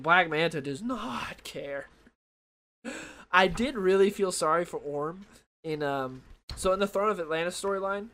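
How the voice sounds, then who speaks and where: Young guy rambling about comics, slightly high voice, lots of likes and ums. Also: a bit bright. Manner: rambling, many fillers and restarts. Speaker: comic book reviewer. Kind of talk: casual chat.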